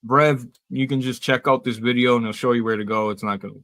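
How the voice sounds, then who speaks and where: A man with an average-pitched voice co-hosts a gaming podcast. He speaks in a relaxed, casual way, full of swearing. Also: fast. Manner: laid-back and profane. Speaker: podcast co-host. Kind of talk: casual chat.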